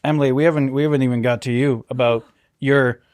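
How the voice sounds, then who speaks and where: Relaxed, rambling podcast co-host. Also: male voice, mid-range voice, fast talker, dry recording. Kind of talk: casual comedic banter.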